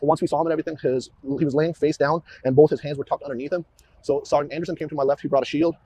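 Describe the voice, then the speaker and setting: Brief: male cop, archive interview, quick halting recall, lots of restarts, husky tone. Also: a little high, steady tone, mellow. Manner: halting, repeats words and restarts often. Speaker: police officer questioned about a shooting. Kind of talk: recorded interview walkthrough.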